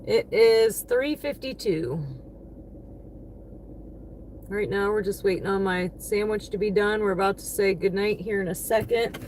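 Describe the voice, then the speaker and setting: A woman chats on a casual livestream, talking slowly and easily as she thanks viewers one after another by name. Her pitch sits at an ordinary middle for a woman. A faint hum of a vehicle carries under her voice. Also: darkish tone. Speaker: livestreaming delivery driver.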